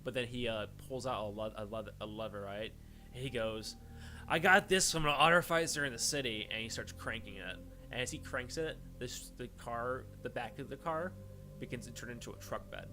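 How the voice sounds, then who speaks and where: A man narrating a tabletop game as game master, talking casually and rambling through his descriptions. His voice sits in a middle pitch. Music plays clearly underneath. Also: moderate pace. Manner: casual, rambling with fillers, swears.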